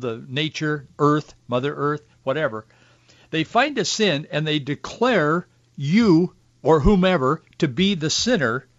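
A man's voice: fairly high pitch, dry recording, lo-fi sound. A man hosting a talk show, delivering an opinionated political commentary monologue with wry asides and restarts.

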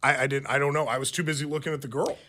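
A man's voice: medium pitch, fairly even intonation, racing, bright, forceful tone. A man co-hosting a radio talk show, telling stories animatedly with plenty of fillers and restarts. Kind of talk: casual talk radio banter.

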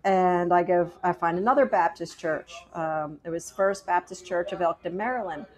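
A woman's voice: fairly low pitch, moderate pace. Chatty middle-aged woman telling her story. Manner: chatty, animated retelling with quoted dialogue. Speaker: guest sharing her testimony. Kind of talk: conversational storytelling.

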